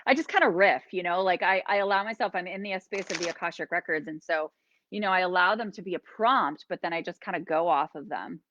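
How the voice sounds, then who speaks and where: A woman hosting a live-streamed oracle card reading, gently encouraging and guiding listeners through slow breathing. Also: lowish voice, highs cut off. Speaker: host and healer.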